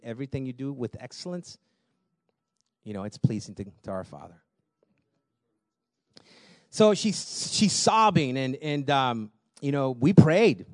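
A man preaching a sermon, telling personal stories in a lively way, laughing often and repeating words as he goes. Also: fairly high pitch, no echo, studio quality. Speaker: pastor.

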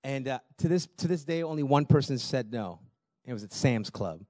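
A man preaching a sermon, telling personal stories in a lively way, laughing often and repeating words as he goes. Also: mid-range voice, normal speed, no room sound, studio quality. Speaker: pastor.

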